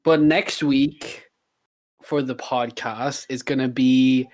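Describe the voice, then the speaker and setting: A man in casual podcast chat, enthusiastic and talkative. He leans on "like" as a filler, speaks at an average pitch for a man, and stays loose and friendly. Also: steady tone, slow, a little mellow. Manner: chatty, enthusiastic, many "like" fillers. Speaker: podcast co-host.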